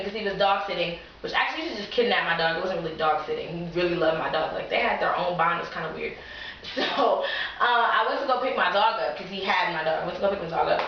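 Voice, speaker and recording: Young woman vlogger, animated storyteller, roomy dull home recording. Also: slight background noise. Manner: animated, laughing, acts out quotes in a higher voice. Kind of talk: casual storytelling to camera. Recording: echoey room, distant lo-fi mic.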